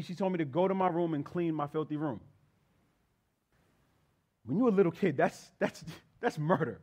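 A preacher with a fairly high voice. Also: male voice, animated, normal speed, long pauses, a little mellow. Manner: conversational preaching, addresses congregation as y'all. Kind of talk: sermon with prayer and storytelling.

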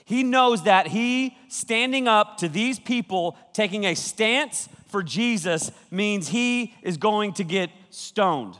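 Speaking slowly in a slightly high, somewhat bright voice, a youth pastor preaches a playful, joke-filled sermon to young people. He breaks off to laugh and mimic how they might respond. A camera crew records him in a large church hall with long reverb.

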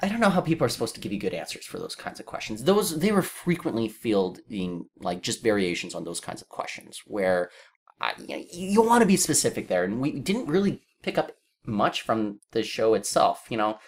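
A man's voice: mid-range voice, sing-song, moderate pace. A man co-hosting a casual discussion, opinionated and talking with frequent fillers. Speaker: podcast co-host.

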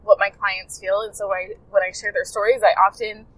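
A woman's voice: mid-range voice, little pitch movement, brisk, hardly any pauses, dry recording, rough recording. A woman coach telling a client story to her listeners in a casual, rambling, heartfelt way, often correcting herself mid-sentence. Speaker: health coach podcaster.

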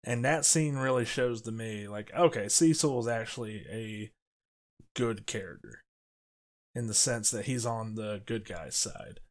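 A man co-hosting a casual podcast discussion, talking animatedly and slipping into quick character quotes as he explains scenes. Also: lowish voice. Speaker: podcast co-host.

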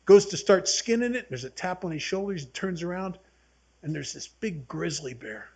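A man's voice: high-pitched, expressive, normal speed, a little mellow, husky. A man in his seventies leading a recovery workshop, talking earnestly and telling folksy stories to a group. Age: 70s. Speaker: AA workshop speaker.

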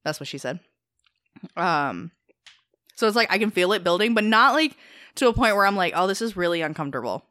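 A woman's voice: medium pitch, animated, normal speed, long pauses, sharp tone, no echo, studio quality. A woman guest on a podcast, chatting casually with lots of fillers and laughter. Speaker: guest on a food-tasting podcast. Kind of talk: casual chat.

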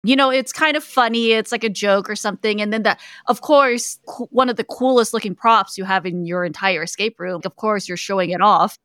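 A woman's voice: medium pitch, brisk, few pauses, a bit bright, clear, resonant tone, no echo. A woman hosting a podcast, asking chatty, curious questions. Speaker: podcast host. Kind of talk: casual interview.

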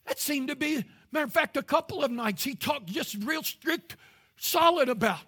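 A man, preaching a sermon as pastor with impassioned rises into shouting. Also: very high voice, expressive, normal speed.

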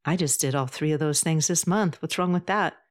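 A woman's voice: sits low, fairly quick, natural voice. A woman doing a brash, teasing tomboy friend. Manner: joking, blunt, playful.

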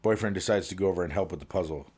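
A man casually telling long jokes as a podcast co-host, playful, jumping up in pitch for the characters in them. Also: very fast, a little mellow, slightly rough.

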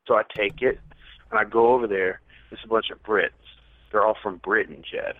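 A man with a slightly low voice rambles through a story and pokes fun at himself. His voice comes through a tinny, phone-like line. The sound is dry, with no room in it. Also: steady tone, normal speed, no room sound. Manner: rambling, self-mocking storyteller. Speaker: podcast guest. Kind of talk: casual storytelling.

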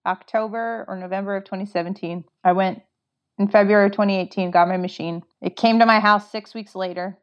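A Canadian woman who makes records tells a story as a guest in a casual interview, chatting away, acting out things she once said and using "like" a lot. Her voice is mid-range with fairly even intonation, and she talks a little fast. The audio sounds dull.

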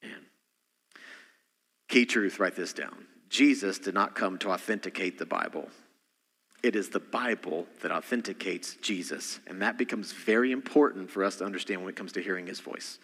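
A bright, forceful male pastor delivering a sermon, his voice ringing through a church hall with long reverb. He swings from loud, punchy emphasis down to hushed, intimate asides. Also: sits low, moderate pace. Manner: dynamic preaching, swings between loud emphasis and quiet asides. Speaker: senior pastor.

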